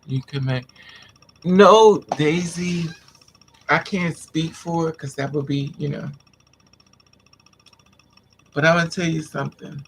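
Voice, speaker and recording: A male vlogger with a voice on the high side speaks slowly and pauses often, a slight hiss or hum on the recording. He intensely recounts a painful personal story to his viewers, venting and repeating himself.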